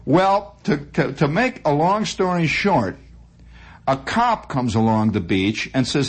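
Male radio host, husky, wildly animated storytelling monologue. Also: slow pace. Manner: animated, dramatic, swooping into high voices.

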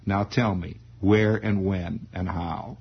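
A man with a raspy, gravelly voice playing a stern middle-aged father who coaxes slowly and quietly. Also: fairly even intonation, heavily acted. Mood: coaxing. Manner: low, slow, soothing but pressing. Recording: dull lo-fi recording.

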